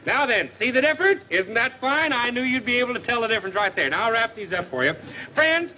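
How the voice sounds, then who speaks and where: Brief: folksy film-western huckster selling specs, very high, bouncy voice. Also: male voice, very animated, bright, forceful tone, heavily acted, rough recording. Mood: cheery. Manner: folksy fast-patter sales pitch, sings comic jingles. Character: jolly male huckster hawking spectacles, folksy and joking. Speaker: traveling spectacles salesman. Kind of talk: 1940s western film acting.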